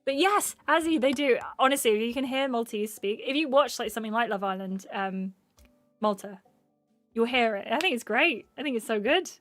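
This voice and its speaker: Chatty English woman, high voice. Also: normal speed, fairly bright tone, no room sound, soft background music. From England. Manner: rambling, chatty, laughs often. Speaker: streamer reading chat. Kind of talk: casual livestream chat.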